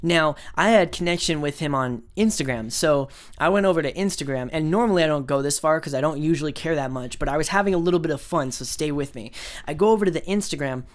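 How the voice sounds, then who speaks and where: Picture a young adult talking straight to camera in a loose storytime rant. The voice sits at an ordinary middle pitch, and the talk runs on with "like" and "um," swear words and scornful little asides. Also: fast. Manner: rambling, filler-heavy, profane, with scornful asides. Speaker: vlogger.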